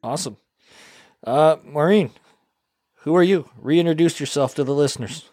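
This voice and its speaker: A man who hosts a podcast, talking in a relaxed, rambling way with fillers. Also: fairly high pitch, normal speed, no echo, studio quality. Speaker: podcast host. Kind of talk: casual interview talk.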